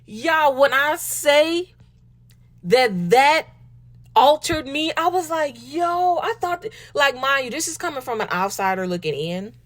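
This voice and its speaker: With a high, unhurried voice, a woman hosts a casual commentary podcast in a Southern US accent. She's animated and full of sass, calling her listeners y'all and baby.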